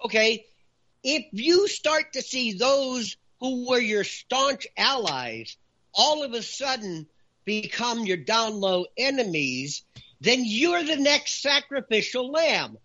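A man with a bright, lively voice that swings widely between quiet asides and loud emphatic stretches. He talks in an animated, hard-pressing way, and the recording sounds dull and lo-fi. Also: extremely high pitch, slow. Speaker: talk show guest. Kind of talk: animated opinion talk.

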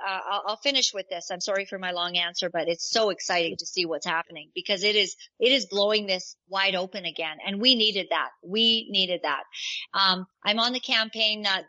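A woman's voice: medium pitch, no room sound, dull audio. A woman, a political candidate from Canada, telling a story in an interview and acting out what others said, with many restarts. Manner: animated storyteller, acts out quoted voices, many restarts.

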